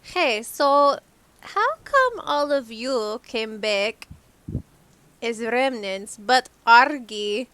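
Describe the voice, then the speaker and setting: Female player, playful and teasing, bright lively high voice, takes her time. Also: very slow, clear, resonant tone, dry recording. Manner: playful and cheeky. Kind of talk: casual tabletop role-play.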